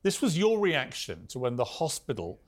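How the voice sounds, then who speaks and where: British male TV host, forceful and indignant, rhetorical and combative. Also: fairly high pitch, wildly swooping pitch, moderate pace. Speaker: TV talk show host. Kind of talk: opinionated monologue and interview.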